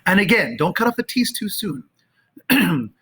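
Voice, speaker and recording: Man, choir teacher, slightly high voice, casual, sings drawn-out demo phrases. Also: expressive, sharp tone, breathy edge. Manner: sings and chants phrases slowly to demonstrate; conversational with fillers. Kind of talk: choral rehearsal instruction. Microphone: camera, sometimes moving off it.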